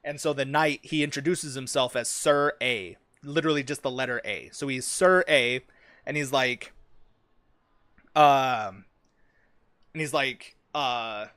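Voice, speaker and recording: A young man streams, casually chatting about the fantasy story he's writing, swearing plenty and filling his speech with ums and likes. His mid-range voice has a sharp tone and measured pace, recorded dry.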